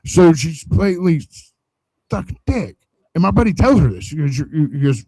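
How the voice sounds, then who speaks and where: A man's voice: on the high side, moderate pace, breathy edge, no echo, poor audio. A man on a podcast, telling a crude story in casual, profane chat and acting out the lines of the people in it. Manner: profane, animated storyteller acting out quoted dialogue.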